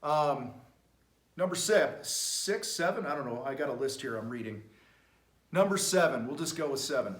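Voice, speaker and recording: A middle-aged man coaching contractors on camera, blunt and high-energy, with some swearing. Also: expressive, normal speed. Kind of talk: motivational talk to camera. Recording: echoey room.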